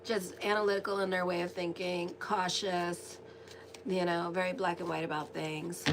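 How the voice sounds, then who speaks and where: A woman astrologer giving a casual, rambling tarot and horoscope reading, chatty and quick to laugh. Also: on the low side, little pitch movement, background noise.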